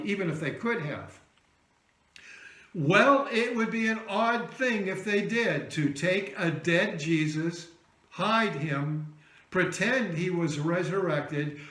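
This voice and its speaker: Male pastor, slow high-pitched storytelling sermon, echoey sanctuary. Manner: storytelling preacher, dramatic drops to soft voice for quoted words. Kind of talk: Easter sermon.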